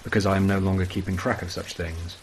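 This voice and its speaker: A man reading a first-person horror story as scripted narration, in a measured, brooding way. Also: sits low, level tone, a little hiss or hum, poor audio.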